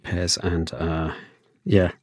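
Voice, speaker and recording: A man's voice: deep voice, level tone, extremely slow, slightly rough, faint music behind. A man hosting a podcast in a studio, chatting casually with hesitant restarts and fillers. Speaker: podcast host.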